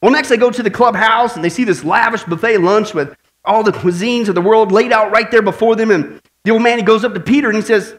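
A male preacher with a high voice delivers a lively sermon. He tells jokes and keeps asking his listeners questions. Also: fast. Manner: animated, tells jokes, asks the congregation questions. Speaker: pastor.

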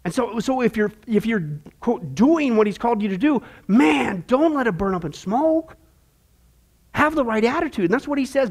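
A man with a high-pitched voice leads a Bible class for disciples. He talks in a chatty, animated way and leans on everyday analogies. He keeps checking in with the group, asking "okay?". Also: normal speed.

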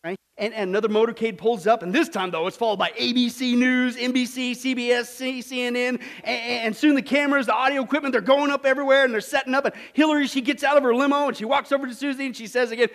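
A man preaching a sermon with jokes, animated, swinging from loud to hushed. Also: very high voice, fast talker, hardly any pauses. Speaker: pastor.

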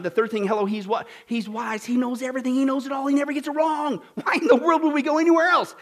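A man preaching a sermon as pastor, lively and animated, asking the congregation questions and dropping into mocking put-on voices. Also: very high voice, quick pace, few pauses.

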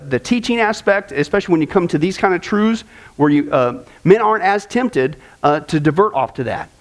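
A man teaching a church discipleship class in a conversational way, with frequent fillers and repeated words and lively personal stories. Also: high-pitched. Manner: tells lively personal stories, acting out voices.

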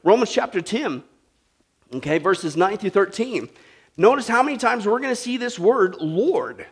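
A man preaching a sermon to a congregation, animated and asking them questions. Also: high voice, normal speed, slightly rough. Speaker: pastor. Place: church with a live congregation.

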